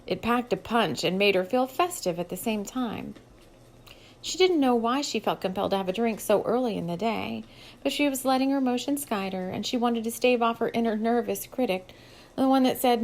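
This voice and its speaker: A woman's voice: on the high side, animated, a little fast, low-quality recording. Woman reading her own novel aloud. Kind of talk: audiobook narration.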